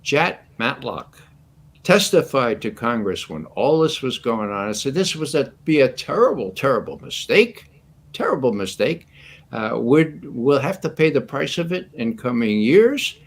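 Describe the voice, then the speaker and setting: A man in his eighties, a guest commentator, telling stories in an animated, anecdotal way and chuckling often. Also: mid-range voice, measured pace, slightly rough. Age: 80s. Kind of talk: casual storytelling commentary.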